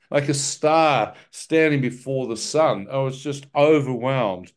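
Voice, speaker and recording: A man's voice: mid-range voice, takes it slowly. Man telling a vivid church testimony. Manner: vivid, animated storytelling with self-mocking humor. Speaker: guest speaker sharing his testimony. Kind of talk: testimony told to a live church audience.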